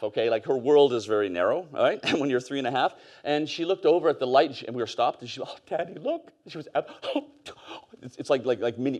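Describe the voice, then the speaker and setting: A man's voice: on the high side, a little mellow. Storytelling man. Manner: conversational, storytelling, with fillers and laughs. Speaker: conference speaker. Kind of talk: conference talk. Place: conference stage.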